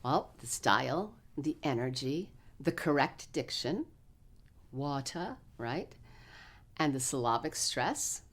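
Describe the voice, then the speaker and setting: Low-pitched woman, calm clinician explaining rehearsal methods. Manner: clear, measured teacherly explanation; energetic rehearsal coaching with choir. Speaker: choral clinician. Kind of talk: recorded choral workshop lesson.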